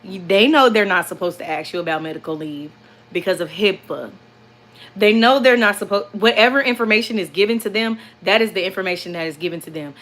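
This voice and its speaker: A young woman vlogger with a medium-pitched voice chats casually and briskly with her viewers. She's animated, repeating herself as she tells a story.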